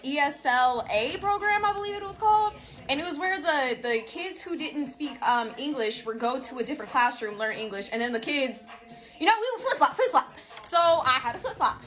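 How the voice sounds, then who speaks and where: A woman tells a personal story in a loose, casual monologue. Her voice is high and bright. She speaks bluntly, swears freely and keeps the telling lively. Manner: animated, blunt, profane.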